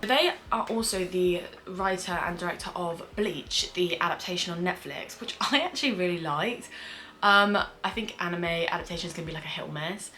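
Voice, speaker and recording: Reacting to a show from her home, where the windows are open on a hot day, this young British woman who writes screenplays chats in a rambling way, swearing and using plenty of fillers. Her lowish voice sounds pushed and bright, and there's slight hiss or hum.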